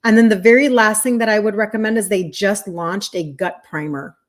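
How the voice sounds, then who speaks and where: Woman, 50s, American accent, live-stream host, casual chat, rambling, quick laughs, mid pitch. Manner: chatty, rambling, quick laughs, talks straight to viewers. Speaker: health coach hosting a live stream.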